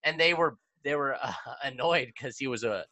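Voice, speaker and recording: A man's voice: medium pitch, moderate pace, pushed and bright, no room sound, lo-fi sound. A young adult man hosting a podcast, talking in a heated, profane way. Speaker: podcast host. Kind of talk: casual podcast chat.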